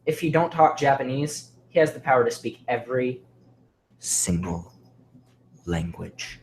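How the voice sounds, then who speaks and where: A man narrating a creepy horror story with dramatic delivery, often sinking to a hushed near-whisper. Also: mid-range voice, very animated, unhurried, slight background noise.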